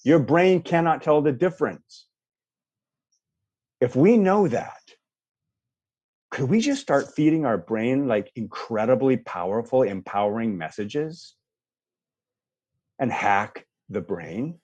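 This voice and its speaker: This man's medium-pitched voice moves slowly, with long pauses, and the recording has its highs cut off. As a life coach, he leads a guest in a guided visualization, acting out people's quoted reactions with animation while he explains.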